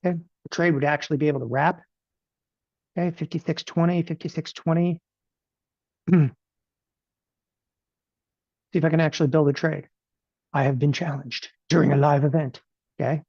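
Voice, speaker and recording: A man teaching options trading in a live webinar. He talks in an animated, rapid-fire way and keeps asking "okay?" after every point. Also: on the high side, gravelly, breathy edge, dry recording, muffled recording.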